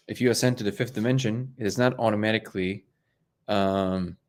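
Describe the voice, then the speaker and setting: A man with a fairly low voice hosts a casual livestream, chatting loosely with plenty of fillers and false starts. He now and then wanders away from the microphone, so his voice comes and goes in strength. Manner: rambling, hesitant, many fillers and restarts. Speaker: livestream host. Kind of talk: casual live chat.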